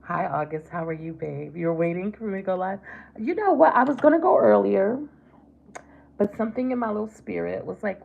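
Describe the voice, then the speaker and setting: Gravelly chatty woman on a livestream. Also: medium pitch, normal speed, narrow, tinny audio. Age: middle-aged. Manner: chatty, affectionate, calls viewers babe and baby. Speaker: livestream host. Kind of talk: casual makeup livestream chat.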